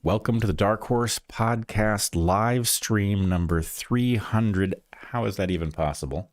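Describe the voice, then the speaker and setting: A man's voice: fairly low pitch, a little slow. A man co-hosting a podcast, chatting casually in a rambling, self-deprecating way, jet-lagged and a bit discombobulated. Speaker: podcast co-host. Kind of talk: casual chat.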